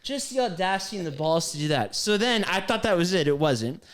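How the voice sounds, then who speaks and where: Guy on a podcast ranting about a gym story, swears a lot, lots of likes and ums, kinda high voice. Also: fairly quick. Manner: animated, profane, lots of fillers. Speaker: podcast co-host. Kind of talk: casual storytelling chat.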